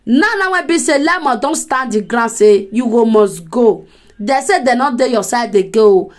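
A woman's voice: fairly high pitch, lively intonation, moderate pace. A woman with a Nigerian accent giving casual gossip commentary, chatty and often laughing as she speaks straight to her viewers.

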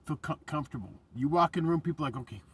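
A man's voice: on the high side, expressive, rapid-fire, breathy edge, far from the mic. A man vlogging in a casual, rambling monologue, passionate and profane, often restarting his sentences.

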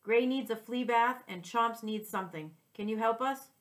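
A cheerful female pet groomer in a storybook who coos over the animals in a sweet, lifted voice, as a woman reads her aloud. She sounds gentle and friendly throughout. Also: on the high side, normal speed, lightly acted. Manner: sweet, cooing.

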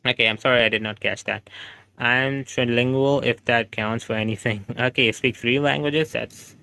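Bright, clear-voiced Indian man streaming. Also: medium pitch, fairly even intonation, normal speed, dry recording. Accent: Indian English. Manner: chatty, reads chat aloud and laughs often. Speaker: gaming streamer. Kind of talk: casual livestream chat while gaming. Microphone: home streaming setup microphone.

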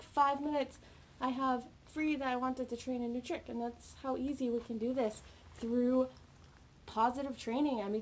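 A woman's voice: high voice, darkish tone. A woman dog trainer explaining a live training session to viewers while working with her puppy off camera, coaching in an upbeat way. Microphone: camera mic, off camera. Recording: noticeable background noise with training clicks.

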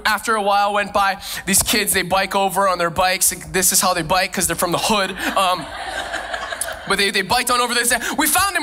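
A man preaching a sermon as a pastor, who tells lively personal stories and laughs often. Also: high voice. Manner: animated storytelling, frequent laughs.

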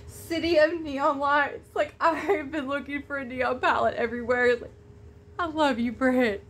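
A woman vlogger chatting to camera at home while unboxing a gift, gushing and excitable. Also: sits high, normal speed. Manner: gushing, excitable, Southern-style "y'all". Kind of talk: casual chat to camera.

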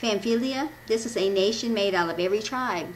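Woman preacher from the Midwest, informal and self-correcting, mid-pitched, faint hum. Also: brisk, rough recording. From Midwestern United States. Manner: rambling, self-correcting, laughs at her own slips. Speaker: devotional speaker. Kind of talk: informal church devotion, reading notes.

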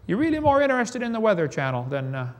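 A man with a Southern US accent preaching a sermon in a folksy, joking way, swinging between loud and soft. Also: sits high, big pitch swings, fast talker, dull audio. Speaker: evangelist preacher.

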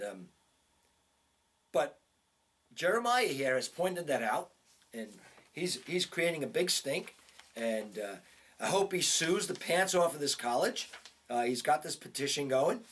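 Fired-up guy ranting on his vlog, swears a lot, lots of ums, voice on the high side. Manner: outraged, profane, rising to shouts; halting with many ums and uhs. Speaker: vlogger. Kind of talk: indignant commentary video.

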